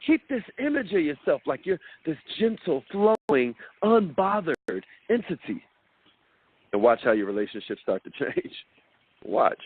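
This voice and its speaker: A man's voice: sits high, slightly rough. A man giving a motivational talk in a preacher-like way, repeating words and acting out the voices he quotes. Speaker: motivational speaker. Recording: dry tinny phone-like sound.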